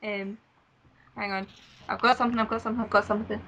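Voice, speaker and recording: A woman co-hosting a let's-play, playful and quick to jump into silly voices. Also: mid-range voice, flat delivery, sharp tone, slight background noise. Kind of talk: casual gameplay commentary.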